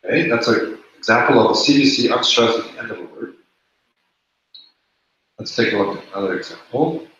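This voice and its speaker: A man's voice: medium pitch, fairly quick, pauses often, fairly bright tone, a little hiss or hum. A man teaching a classroom lesson, explaining rules step by step and repeating the key points. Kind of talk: classroom lecture. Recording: echoey room, dull lo-fi sound.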